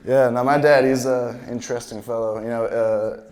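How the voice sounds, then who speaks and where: A man's voice: mid-range voice, fairly even intonation, normal speed, darkish tone. A man in his twenties doing a stand-up comedy set at a live show, talking in a loose, rambling way with lots of filler words and acting out the voices of people in his stories. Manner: acts out quoted voices.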